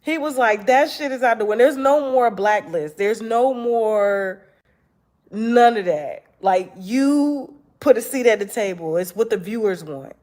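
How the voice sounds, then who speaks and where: A woman hosting an online talk show, telling stories to her viewers in a casual, animated and profane way and acting out what other people said. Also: medium pitch, slow pace. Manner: animated storytelling, acts out quotes, profane.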